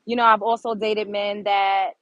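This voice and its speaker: A woman's voice: mid-range voice, little pitch movement, moderate pace, fairly bright tone, no room sound, muffled recording. A woman from Brooklyn, hosting her own show and ranting bluntly and profanely at her chat. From Brooklyn, New York. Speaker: show host. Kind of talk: unscripted commentary to a live chat.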